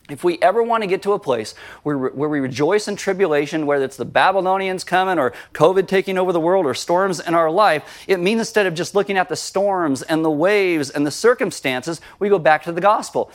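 A man preaching a sermon as pastor, animated and conversational, reading scripture and acting out quotes. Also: sits high.

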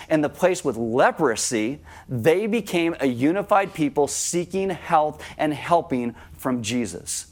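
A man preaching a sermon to his congregation, talking directly to them and acting out scenes with sudden raised voices. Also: fairly high pitch. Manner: animated, acts out scenes with shouted voices; conversational, addresses congregation directly. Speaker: pastor.

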